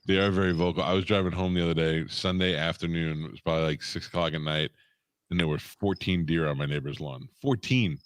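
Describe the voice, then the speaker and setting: A man's voice: low voice, steady tone, a little fast, no room sound. A man co-hosting a podcast in casual chat, laid-back and profane, laughing easily. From lives in Florida. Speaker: podcast co-host.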